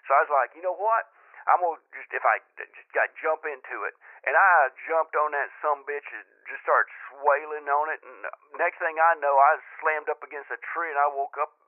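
A man's voice: a little high, moderate pace, no room sound, natural voice. A man voicing a boastful rural father who calls in with a rambling folksy tall tale. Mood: bragging. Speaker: caller. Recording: phone-line call.

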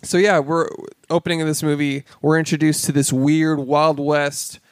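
A man's voice: on the high side, level tone, normal speed, clear, resonant tone, dry recording, studio quality. A man co-hosting a casual podcast chat, joking, swearing freely and laughing often. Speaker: podcast co-host.

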